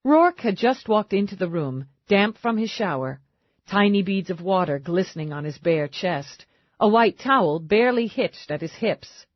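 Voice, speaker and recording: A woman reading an audiobook novel aloud in a measured, expressive narration style. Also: mid-range voice, no room sound, dull audio. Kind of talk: scripted narration.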